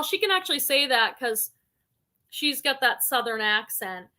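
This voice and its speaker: A woman's voice: sits high, expressive, a little slow, sharp tone. A woman hosting a casual live stream, reading viewer comments aloud and chatting about them. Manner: chatty, reads comments aloud then reacts.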